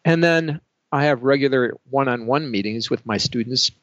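A middle-aged man, a professor, answering interview questions in a measured, dry and understated way. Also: medium pitch, fairly bright tone, no room sound. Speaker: professor and research supervisor. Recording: slightly dull lo-fi audio.

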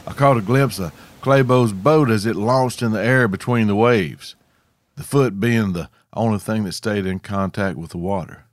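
A man's voice: on the low side, moderate pace, dry recording. A man from Arkansas, telling a scripted outdoor story with dry, wry humor. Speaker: podcast host.

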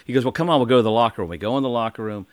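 A man's voice: medium pitch, racing, no room sound. A man hosting a podcast, telling a long story in casual chat, acting out other people's lines with many restarts. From American Midwest. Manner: animated storyteller, acts out quotes, frequent restarts. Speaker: podcast host.

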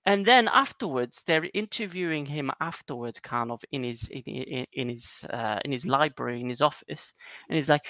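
A man co-hosting a podcast, retelling things in a rambling, animated way with lots of fillers. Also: medium pitch, normal speed, no room sound. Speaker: podcast co-host. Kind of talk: casual chat.

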